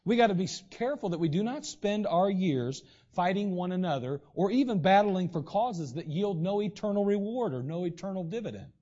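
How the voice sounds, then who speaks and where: Male pastor, high-pitched, casual preaching style, muffled recording. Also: expressive, brisk, few pauses, mellow. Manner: conversational preaching with frequent throat clearing. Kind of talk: sermon. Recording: dull lo-fi recording.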